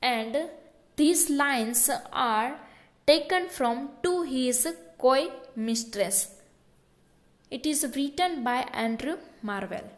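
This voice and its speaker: Slow, high-voiced woman teaching in an echoey room. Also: lively intonation. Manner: slow, explanatory, repeats key points. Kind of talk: exam question walkthrough.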